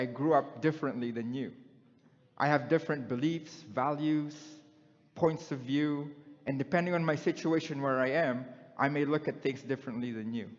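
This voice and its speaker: Man preaching in an echoing church hall. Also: medium pitch. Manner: conversational, asks the congregation questions. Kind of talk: sermon. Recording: dull sound in a long-echoing hall.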